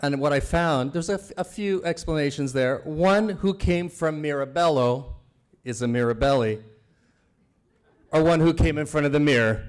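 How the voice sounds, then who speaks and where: A man's voice: fairly high pitch, normal speed. A man delivering a comedy roast at a charity banquet, chuckling through his jokes and teasing the guest of honor. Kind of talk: stand-up roast set. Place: banquet event before a live audience.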